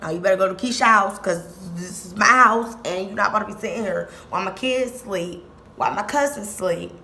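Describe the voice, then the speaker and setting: A woman voicing her angry mother, shouting and scolding an intruder in a high, loud voice. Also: brisk. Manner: yelling, scolding. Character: furious shouting mother, middle-aged woman.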